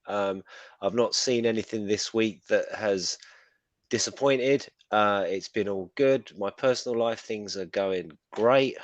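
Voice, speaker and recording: A man chats as a co-host on a relaxed live stream, rambling and poking fun at himself. His voice sits a bit low. The sound is dry and close, with no room echo. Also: unhurried, highs cut off. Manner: chatty, self-deprecating, rambling. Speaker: author and regular co-host. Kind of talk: casual live-stream chat.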